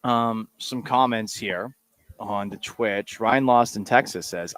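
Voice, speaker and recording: A man's voice: lowish voice, slow pace, a bit bright. A man hosting a sports radio show, talking casually in a sarcastic, rambling, self-mocking way.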